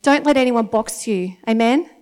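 A woman in her thirties with an Australian accent, giving a chatty, animated sermon to a congregation and often laughing. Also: fairly high pitch, normal speed. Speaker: church speaker. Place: church meeting in front of an audience.

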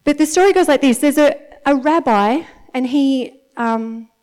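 Woman, mother, church speaker; slightly high voice, conversational storytelling sermon with frequent check-ins. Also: a little slow, a little mellow. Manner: chatty, storytelling, keeps checking in with the audience by asking "okay?".

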